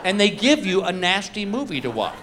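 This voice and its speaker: Recorded live in a comedy club, a man does a stand-up story with punchlines and quick acted quotes as the audience laughs, a faint crowd noise underneath. He speaks fairly quickly in a high, sing-song, fairly bright voice.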